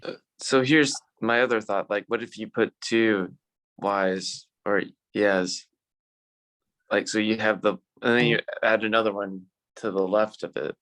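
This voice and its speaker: Deep voiced guy in an online class on his phone, curious, halting questions. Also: steady tone, fairly bright tone, rough recording. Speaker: adult student. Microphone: phone on a video call.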